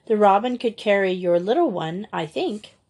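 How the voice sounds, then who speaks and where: A woman reading a gentle, firm young woman. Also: mid-range voice, expressive, normal speed, slightly rough. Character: gentle, capable young woman, caring older sister.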